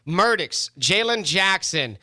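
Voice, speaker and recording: 明るく張りのある声の男性ラジオ司会者. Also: male voice, high-pitched, very animated, slow pace, pushed and bright, no echo, clean studio sound. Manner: chatty, playful, leads the discussion. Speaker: sports radio host. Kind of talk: casual sports radio chat. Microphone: studio mic.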